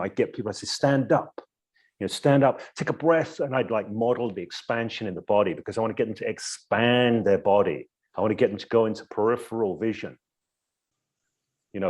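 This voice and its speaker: A man with a low, husky voice talks through his coaching in a thoughtful podcast chat. He explains with examples and now and then slows into a soothing, hypnotic tone. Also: a little mellow. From Edinburgh, Scotland. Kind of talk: casual interview conversation.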